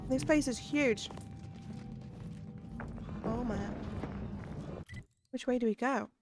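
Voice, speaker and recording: A woman's voice: on the high side, takes it slowly, over music. Chatty woman streaming a game. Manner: chatty, musing aloud while eating. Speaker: gaming streamer. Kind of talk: casual gameplay chat.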